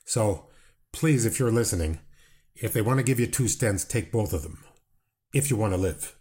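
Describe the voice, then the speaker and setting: A man hosting a chat show, talking deliberately with dry, wry asides. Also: on the low side, lively intonation, a little mellow. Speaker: podcast host. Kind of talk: casual interview chat.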